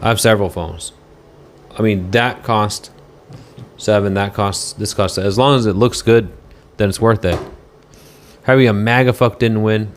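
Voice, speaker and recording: A man chatting casually on a livestream from a motel room, rambling and halting as he reads viewer comments aloud. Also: lowish voice, fairly even intonation, a little hiss or hum.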